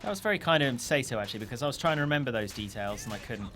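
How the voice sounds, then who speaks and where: A man's voice: medium pitch, expressive, racing, a bit bright, slight background noise. A half-Australian man co-hosting a live game stream, teasing his co-host in playful banter.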